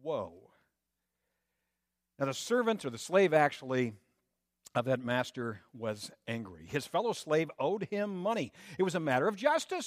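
Pastor type, male, lively sermon delivery with rhetorical questions; close, dry recording. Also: on the high side, unhurried, dry recording. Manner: animated preaching with rising emphasis and rhetorical questions.

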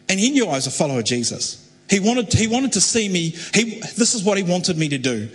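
Man, pastor, storytelling sermon, slightly high voice, long hall echo. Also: expressive, husky. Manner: conversational, halting restarts, building to fervent.

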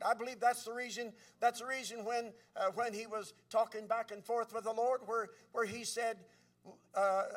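A male preacher telling sermon stories in a halting way, with many pauses and restarts, his voice swinging between soft and loud. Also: high voice. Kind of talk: sermon storytelling. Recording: distant from the mic.

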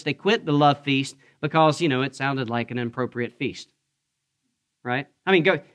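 A man's voice: a little high, a bit bright. A man preaching a conversational sermon as pastor, asking the congregation questions and joking with them. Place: church sanctuary.

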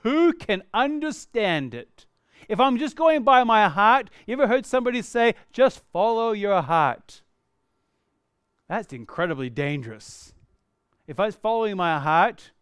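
High-voiced man preaching a sermon. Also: smooth, no echo, studio quality. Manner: earnest, shifts between lively emphasis and quiet reflection.

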